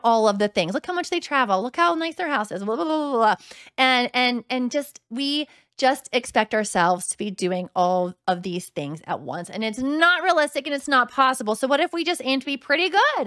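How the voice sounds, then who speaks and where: A woman in her thirties hosts her own podcast, chatting frankly and loosely, often slipping into quoted voices of what she or others might think. Her voice sits high. The sound is dry and close, with no room around it. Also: animated, fairly quick, a bit bright, no room sound. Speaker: podcast host. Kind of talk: casual solo podcast talk.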